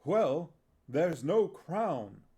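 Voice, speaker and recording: A man voicing a worried young actor who complains in a plaintive, drawn-out way, with a gravelly edge. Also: on the high side, very animated, dark tone, voice pushed up, full character voice. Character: anxious young male actor.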